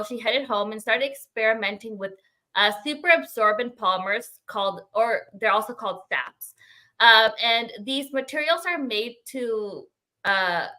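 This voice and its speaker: A woman with a fairly high, bright, forceful voice, presenting a segment on a chatty podcast. She reads from notes, pausing with many ums along the way. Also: low-quality recording. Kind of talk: casual chat and prepared segment.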